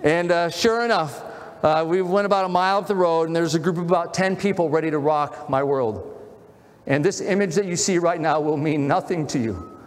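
Male pastor, high voice, earnest storytelling sermon, echoing hall. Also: a little fast.

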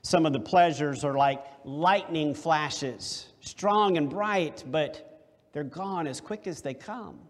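A man preaching a sermon, deliberate and emphatic, with rhetorical questions. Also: fairly high pitch. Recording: long hall reverb.

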